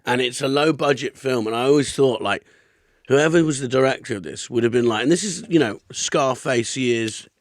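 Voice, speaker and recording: A man's voice: mid-range voice, normal speed, no room sound. Sweary storytelling man, dry studio sound. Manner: storytelling with put-on voices, sweary. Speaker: comedy podcast host. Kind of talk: casual chat.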